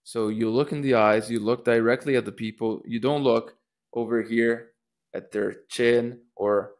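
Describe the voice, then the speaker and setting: A man with a mid-range voice and a steady tone teaches public speaking informally, a little slowly. He keeps restarting as he thinks aloud, and he performs rising and falling intonation on sample phrases.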